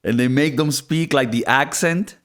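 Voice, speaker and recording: A man co-hosting a casual movie review podcast, talking in an animated way and slipping into mock accents. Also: mid-range voice, moderate pace. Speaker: podcast co-host.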